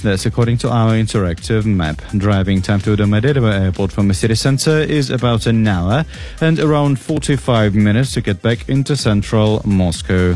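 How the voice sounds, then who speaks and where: Male newsreader, low-pitched, steady scripted delivery over a faint music bed. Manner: measured, even newsreader delivery. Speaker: news and sports bulletin reader. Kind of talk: scripted radio news reading.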